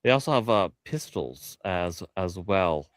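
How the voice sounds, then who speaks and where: A man from Canada co-hosting a podcast in casual chat, talking haltingly with many restarts. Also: low voice, expressive, no echo. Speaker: podcast co-host. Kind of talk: casual chat on a live stream.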